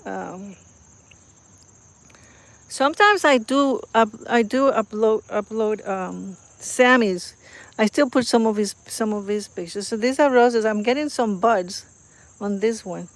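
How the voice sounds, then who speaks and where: Speaking at a medium pitch and a slightly slow pace, with no room sound, a woman films her garden on her phone and chats casually for a vlog. Crickets and insects fill the outdoor background as she rambles with fillers and gushes over the flowers.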